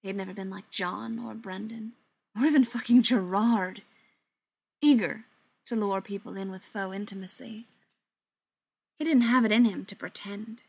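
A woman reading audiobook narration in an even, measured way. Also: medium pitch, creaky, husky, no room sound. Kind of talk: scripted narration.

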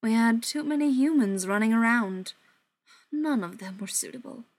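A woman voicing a condescending male vampire elder in an audiobook, speaking in a slow, mocking drawl. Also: fairly high pitch, animated, dry recording. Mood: smug.

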